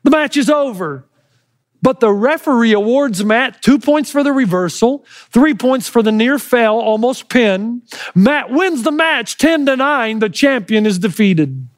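A middle-aged pastor preaching a sermon, telling a story with animated delivery and loud shouted quotes. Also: male voice, extremely high pitch, measured pace, no room sound, clean studio sound.

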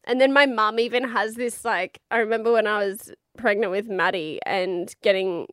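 A woman's voice: mid-range voice, fairly even intonation, moderate pace, fairly bright tone, no room sound, clean studio sound. A woman in her thirties with an Australian accent, telling a personal story in a frank, chatty way, swearing freely and laughing often.

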